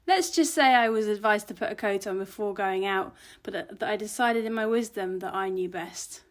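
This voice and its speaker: A woman's voice: medium pitch, normal speed, close to an everyday voice. A woman reading the lines of a cold young female snowboarder who jokes about her own mistakes. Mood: wry.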